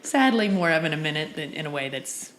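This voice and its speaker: A young adult woman co-hosting a podcast, recapping a TV episode in an animated, profane way and laughing often. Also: deep voice, brisk, a little hiss or hum. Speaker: podcast co-host. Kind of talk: casual TV recap chat. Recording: echoey room.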